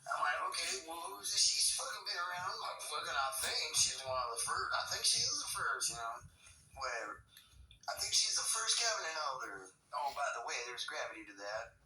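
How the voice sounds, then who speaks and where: A man's voice: fairly high pitch, big pitch swings, brisk, sharp tone, faint music behind. A man telling a rambling, profane first-person story, with chuckles and whispered asides. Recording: roomy echo, mic at a distance, faint noise.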